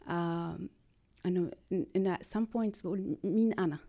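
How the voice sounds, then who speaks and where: A woman, speaking earnestly and haltingly as a podcast guest, slipping in phrases. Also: on the low side, fairly even intonation, creaky, mellow. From Lebanon. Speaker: guest, art therapy practitioner. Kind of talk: conversational podcast interview.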